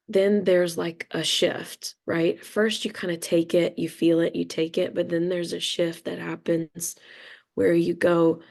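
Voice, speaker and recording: A woman's voice: lowish voice, gravelly, darkish tone. A middle-aged woman talking candidly and reflectively, rambling a little and swearing casually. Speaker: spiritual reader sharing experience.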